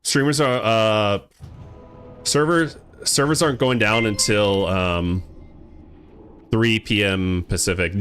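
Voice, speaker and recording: A man streaming a game live, chatting casually with viewers, excitable, laughing often and swearing casually. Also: lowish voice, takes it slowly, long pauses, clean tone. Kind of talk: casual live-stream chat while playing.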